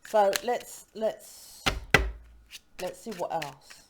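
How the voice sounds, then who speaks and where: A woman's voice: medium pitch, expressive, very slow, very noisy. A woman from the UK doing a casual tarot reading to camera, emphatic and rambling, breaking off mid-word and asking "right?" to win agreement. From United Kingdom. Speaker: tarot reader.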